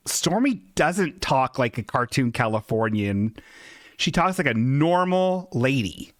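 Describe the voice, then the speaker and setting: A man's voice: medium pitch, a bit bright, dry recording, clean studio sound. A man hosting a casual solo podcast, rambling and self-deprecating and swearing freely. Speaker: podcast host. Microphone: desk microphone.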